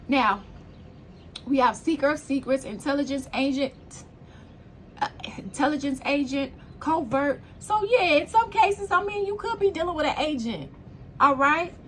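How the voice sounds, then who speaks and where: A woman with a high-pitched voice gives a casual spiritual tarot reading. She is blunt and preachy and swears freely. A faint hiss sits under the recording. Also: expressive, measured pace, long pauses, fairly bright tone. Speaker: tarot reader.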